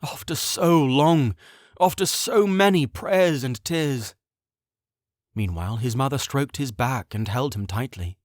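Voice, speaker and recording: A man narrates an audiobook in an expressive, measured storytelling style, reading from a script. His voice is medium-pitched, and the clean studio sound has no echo.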